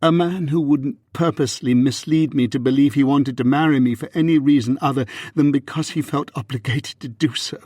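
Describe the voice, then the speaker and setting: Man voicing a wounded young Regency wife, husky, restrained, dry close audiobook sound. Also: medium pitch, fairly even intonation, fairly quick, hardly any pauses, mellow, no echo, pitched above the performer's own voice, natural voice. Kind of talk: audiobook reading.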